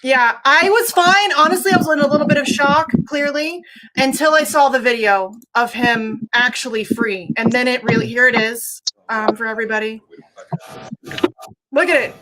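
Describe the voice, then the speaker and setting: A woman's voice: fairly high pitch, moderate pace, heavy background noise. A woman hosting a casual livestream, sick and close to tears, talking emotionally with lots of swearing and fillers. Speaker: livestream host.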